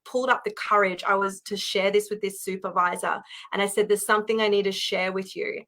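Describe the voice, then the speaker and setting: A woman's voice: mid-range voice, fairly bright tone. A woman, a spiritual teacher and former psychologist, telling a personal story to her online audience in an earnest, emotional way, often restarting her sentences.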